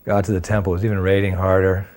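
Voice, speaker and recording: A man in his sixties telling a personal story in an animated way, acting out the dialogue as he goes. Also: deep voice, very fast. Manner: animated storyteller who acts out dialogue and laughs at himself. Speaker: devotee sharing memories of his teacher.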